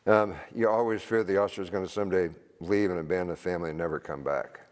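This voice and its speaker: A man's voice: low-pitched, fairly even intonation, fast, a little mellow. An older man, a retired Army veteran, giving an informal seminar talk to a church group, rambling and plain-spoken and chuckling at his own stories. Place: church hall. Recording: reverberant hall.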